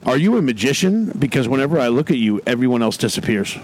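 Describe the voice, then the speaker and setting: A man's voice: medium pitch, very animated, fast talker, a little mellow, a little hiss or hum. Profane, teasing man in casual banter. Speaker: podcast co-host. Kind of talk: casual chat.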